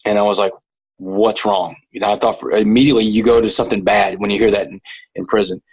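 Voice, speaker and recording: A man's voice: on the low side, flat delivery, slightly rough, low-quality recording. Earnest man telling his story. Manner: earnest, halting with repeated restarts. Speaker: interview guest. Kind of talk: personal storytelling interview.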